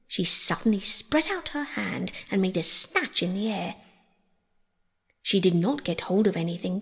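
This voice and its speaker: A woman reading a storybook aloud in an expressive way, acting out each character. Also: mid-range voice, slightly rough, in a large hall. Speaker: audiobook reader. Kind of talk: storybook narration.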